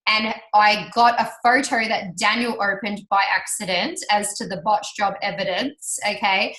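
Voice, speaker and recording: Bright-voiced woman telling a lively story. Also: medium pitch, moderate pace. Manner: animated, chatty, laughs often and acts out quoted voices. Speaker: speaker sharing her business success story. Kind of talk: storytelling talk to an audience. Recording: roomy hall reverb.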